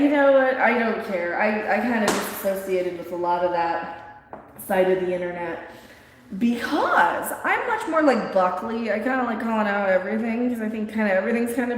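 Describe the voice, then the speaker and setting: Woman, livestream host, rambling blunt chat, frequent laughter, very echoey room with long reverb. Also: fairly high pitch.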